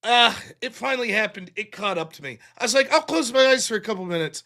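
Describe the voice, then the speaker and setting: A man's voice: high-pitched, lively intonation, fast, bright, forceful tone. A man hosting his live stream, telling a rambling, profane, self-mocking story about his day in casual chat.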